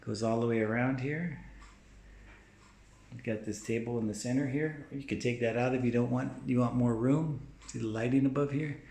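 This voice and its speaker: A man's voice: medium pitch, steady tone, normal speed, a little mellow. A man narrating a casual walkthrough of a house as he films it, pointing things out as he walks from room to room. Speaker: house tour vlogger. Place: inside a large house.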